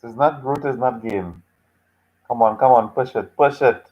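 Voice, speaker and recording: A man's voice: mid-range voice, moderate pace, dull audio. Repetitive, teasing male lecturer. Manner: patient and teasing, repeats phrases over and over. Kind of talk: live online class, reacting to student chat answers.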